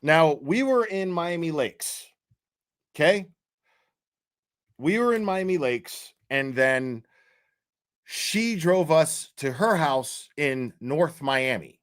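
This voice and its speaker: A man in his fifties spins a rambling, swear-heavy story, pitched a touch high for a man. He checks in with his listener every few lines and talks in loose, casual bursts. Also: expressive, takes it slowly, pauses often. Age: 50s. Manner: profane, rambling, keeps checking in with "right?".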